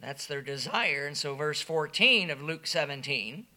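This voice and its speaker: A man preaching a sermon, emphatic and animated, moving between soft asides and loud, shouted declarations. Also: a little high, a little slow.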